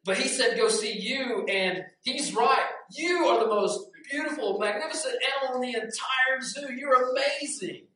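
A man voicing an envious male crow who gushes pleading flattery at other animals. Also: fairly high pitch, rapid-fire, hardly any pauses, lightly acted. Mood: admiring. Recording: very echoey room, distant mic, faint noise.

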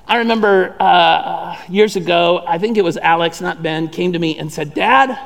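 A middle-aged man preaching a sermon as pastor, telling the story in a conversational, animated way with many restarts. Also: sits high, normal speed, gravelly, long reverb tail.

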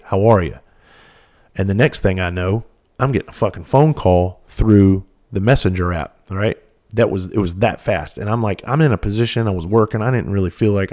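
A man's voice: sits low, a little mellow. A middle-aged man, hosting a podcast and telling a rambling, candid, profane story in casual monologue. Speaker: podcast host.

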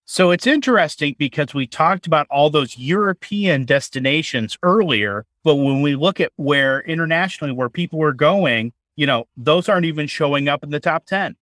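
A man's voice: a little high, lively intonation, normal speed, few pauses, a bit bright, no room sound, studio quality. A man co-hosting a casual chat, talking in a chatty way with restarts and repeated words. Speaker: co-host.

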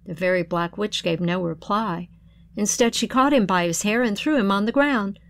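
A woman narrating an old folk tale in a measured, expressive storytelling voice, then reflecting on its meaning. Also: medium pitch, dry recording.

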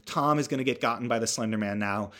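Man, casual comedic movie recap, rambling, wry asides, mid-pitched voice. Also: fast talker, sharp tone.

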